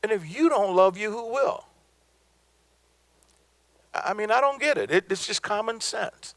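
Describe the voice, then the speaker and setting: A man's voice: high voice, lively intonation, a little slow, no echo. A middle-aged man from the American South giving a motivational business talk, emphatic and preacherly, repeating his points for effect. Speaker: business speaker.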